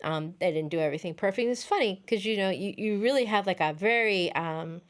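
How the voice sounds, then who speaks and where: Animated middle-aged woman telling stories. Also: medium pitch, brisk. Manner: animated storyteller, acts out quoted voices. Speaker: podcast guest. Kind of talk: casual chat.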